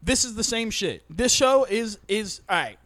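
High-voiced crude man chatting. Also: expressive, normal speed, a bit bright. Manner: crude, rambling, swears a lot. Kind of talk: casual chat.

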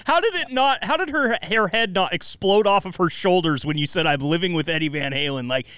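A man's voice: sits high, bright, forceful tone, clear, resonant tone, dry recording. A man hosting a podcast interview, chatting casually with enthusiastic, relatable asides. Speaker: podcast host.

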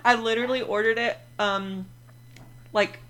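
A young woman co-hosting a casual book chat, animated and quick to laugh. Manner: animated, laughing, acts out quotes in a higher voice. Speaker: podcast co-host.

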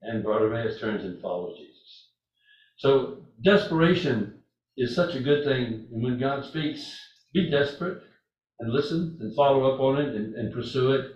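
A man's voice: medium pitch, moderate pace. Older man, sermon, earnest, repetitive, muffled dull sound, church hall. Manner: earnest and repetitive, with lively storytelling. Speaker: preacher. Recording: echoey hall from far off, dull.

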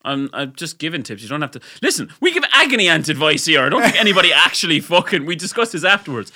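Bright, laughing Irish lad. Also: male voice, fairly high pitch, big pitch swings, fast talker. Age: 20s. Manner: laughing, swearing, teasing. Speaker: podcast co-host. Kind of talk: crude casual chat.

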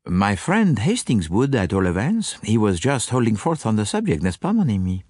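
A man voicing a fussy, vain, dapper little male detective with precise, fastidious phrasing in an audiobook. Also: on the low side, wildly swooping pitch, warm tone, breathy edge, no echo, studio quality, voice pushed up, full character voice. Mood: amused. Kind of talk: audiobook character voice.

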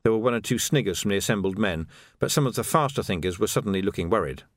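A man narrating an audiobook in a wry, lively manner, each character given its own voice. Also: on the low side, quick pace, no echo, clean studio sound.

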